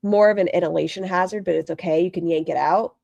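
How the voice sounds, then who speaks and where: A woman's voice: fairly low pitch, steady tone, fast, gravelly, a little mellow, no room sound, dull audio. A woman hosting a live stream, reacting to a clip with blunt, sarcastic commentary and frequent swearing. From northern United States near the Canadian border. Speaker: livestream host reacting to clips.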